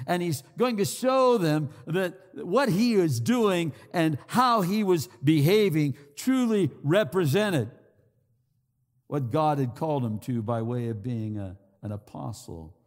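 A man's voice: a little high, darkish tone. A man preaching a sermon, earnest and pleading, repeating himself as he builds his points. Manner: slow, earnest, pleading with many repetitions. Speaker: pastor. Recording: long hall reverb.

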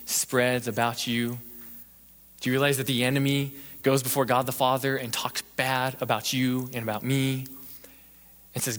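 A male pastor giving an evening sermon and prayer, preaching emphatically with repeated rhetorical questions and swinging between intense passages and hushed ones. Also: mid-range voice. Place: church sanctuary. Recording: long hall reverb.

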